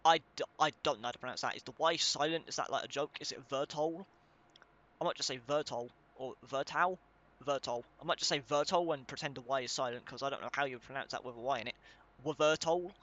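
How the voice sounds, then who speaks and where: A man's voice: mid-range voice, quick pace, few pauses, fairly bright tone. A young man giving casual commentary while reading game text aloud, swearing now and then and stumbling over hard names. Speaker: let's play gamer.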